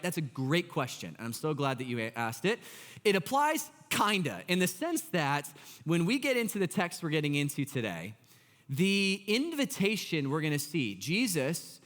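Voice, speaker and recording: A male pastor telling a story in a sermon, acting out the voices of the people in it. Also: on the high side. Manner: animated, acts out voices in his story. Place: church. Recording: long reverb of a church hall.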